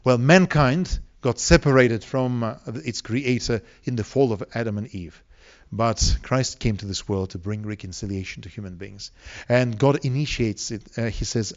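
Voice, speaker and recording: A man's voice: mid-range voice, lively intonation, moderate pace. Earnest male preacher, dull lo-fi sound. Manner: earnest, asks the congregation questions. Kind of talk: sermon.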